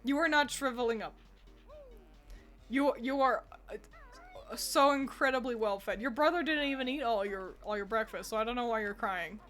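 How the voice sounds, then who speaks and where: Playful chatty woman streamer, higher voice. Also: moderate pace, fairly bright tone, faint music behind. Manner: chatty and playful, swears freely, talks to her cat. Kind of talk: casual gaming commentary. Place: home. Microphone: desk microphone.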